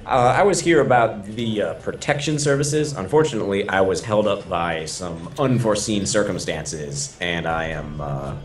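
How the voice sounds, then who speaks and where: A terse elf witch hunter with a low voice who answers in clipped, formal sentences, played by a man at a tabletop game. He stays cool and guarded, and faint music runs underneath. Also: lively intonation, moderate pace, few pauses, close to an everyday voice.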